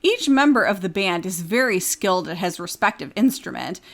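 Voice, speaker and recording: A woman's voice: lowish voice, sing-song, fairly quick. A woman podcast host reading a review aloud in a casual chat, now and then breaking into giggles.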